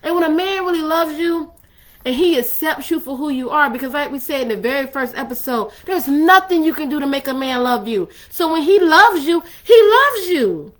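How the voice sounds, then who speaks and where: A woman's voice: high voice, a little fast. A woman hosting a faith-based talk on love and relationships, speaking in a conversational, emphatic, preacherly way. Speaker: ministry host.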